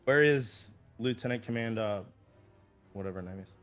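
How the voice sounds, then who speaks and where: A man's voice: on the low side, normal speed, faint music behind. Laid-back man playing a tabletop game. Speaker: player. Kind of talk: casual tabletop play.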